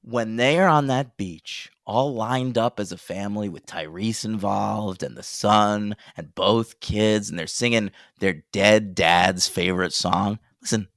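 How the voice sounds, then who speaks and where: A man's voice: on the low side, unhurried, hardly any pauses, dry recording, studio quality. A man co-hosting a podcast, chatting casually and jokily about movies. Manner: animated, jokey, laughs often. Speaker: podcast co-host. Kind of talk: casual movie review chat.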